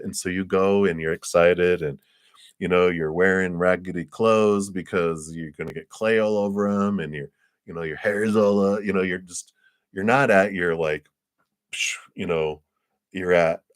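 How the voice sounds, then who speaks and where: A man with a deep voice gives a live tarot reading at a normal speed, casual and chatty, laughing often and acting out little scenes in quoted voices. The recording is studio quality with no echo.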